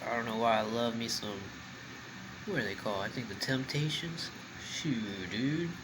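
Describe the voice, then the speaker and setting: A man's voice: mid-range voice, animated, noisy background. A man eating on camera and chatting casually, talking with his mouth full. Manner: slow eater. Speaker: mukbang vlogger. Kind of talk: casual eating vlog chat.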